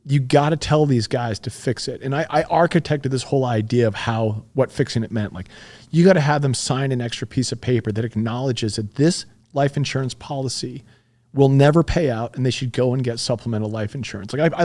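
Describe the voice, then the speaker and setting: A middle-aged man appears as a guest on a podcast, telling a story in a casual, candid way. His mid-range voice moves briskly, and he swears freely and grows animated as the tale unfolds.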